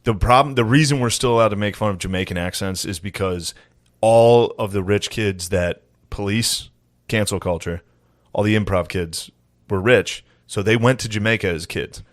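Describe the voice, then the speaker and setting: A man's voice: on the low side, normal speed, no echo, clean studio sound. A man, co-hosting a comedy podcast in loose, crude, joking chat. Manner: loose, crude, joking, slips into mock accents. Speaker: podcast co-host.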